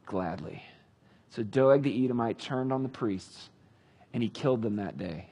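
A man retelling a Bible story with casual, animated commentary. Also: mid-range voice, normal speed, slightly rough. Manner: animated, conversational. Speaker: Bible teacher.

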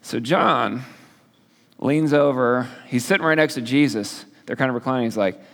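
A man's voice: mid-range voice, normal speed, fairly bright tone, long reverb tail. A male pastor teaching a sermon in a casual, storytelling way with playful asides. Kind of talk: sermon, conversational Bible teaching.

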